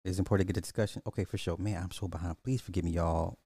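A man's voice: deep voice, fairly even intonation, rapid-fire, few pauses, mellow, slightly rough, dry recording, studio quality. A man hosting a casual live podcast, rambling through movie box office talk and answering chat comments with frequent restarts.

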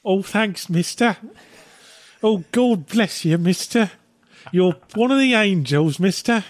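A man voicing a poor, grateful orphan boy in a high, pleading voice. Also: lively intonation, slow pace, dry recording.

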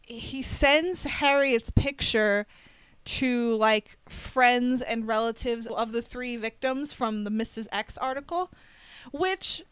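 A woman's voice: a little high, slow, fairly bright tone, clean tone, no echo. A woman co-hosting a podcast, casually recapping a film with wry asides and frequent laughter. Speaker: podcast co-host.

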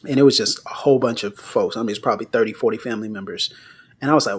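Husky-voiced man telling a story. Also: on the low side, racing. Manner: animated personal storytelling. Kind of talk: casual conversation.

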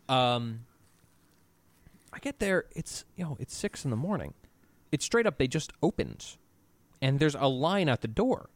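A man's voice: medium pitch, very animated, measured pace, long pauses, no room sound. A man hosting a podcast in casual chat, telling stories and swearing freely. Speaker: podcast host.

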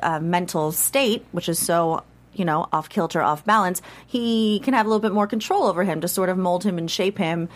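Lively woman on a podcast panel. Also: on the low side, moderate pace. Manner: lively, acts out quotes. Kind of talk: casual chat.

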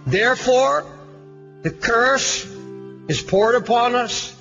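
A man preaching an impassioned sermon, firing rhetorical questions and swinging from loud cries to hushed tones. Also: extremely high pitch, expressive, slow, creaky. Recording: dull lo-fi archive sermon recording with faint music.

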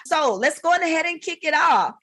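A woman's voice: high voice, animated, brisk, bright, forceful tone, no echo. A woman hosting a podcast, effusive and upbeat, repeating her greetings as she welcomes a guest. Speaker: podcast host.

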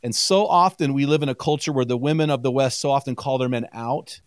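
A man guesting on a podcast, telling stories quickly with plenty of energy and laughter in a casual chat. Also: medium pitch, clear, resonant tone, dry recording, studio quality. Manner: energetic storyteller, quick and chatty, laughs often.

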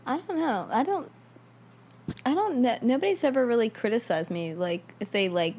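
Giggly, high lively woman co-host. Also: normal speed, slightly rough. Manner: giggly, playful. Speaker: podcast co-host. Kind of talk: casual podcast chat.

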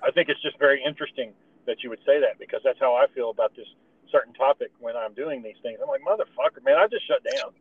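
A man's voice: mid-range voice, steady tone, quick pace, dry recording, narrow, tinny audio. A man co-hosting a podcast, swearing freely and telling stories in casual banter. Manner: profane, storytelling. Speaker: podcast co-host.

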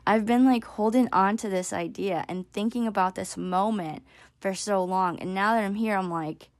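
A woman's voice: medium pitch, normal speed, no room sound. A woman in her thirties telling a personal story in a casual, chatty way, full of "like" fillers. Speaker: vlogger.

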